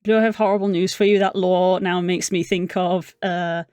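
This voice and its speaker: A woman streamer chatting casually and excitably on a live art stream, rambling through tangents from a room at home. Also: lowish voice, normal speed, clean tone, no echo, studio quality. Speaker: livestreamer.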